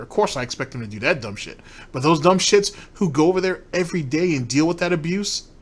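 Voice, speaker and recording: A man delivering a profane, scornful commentary rant. His voice sits fairly high for a man. He talks directly to an audience in an angry, contemptuous way. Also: a bit bright. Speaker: commentary streamer. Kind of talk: ranting commentary.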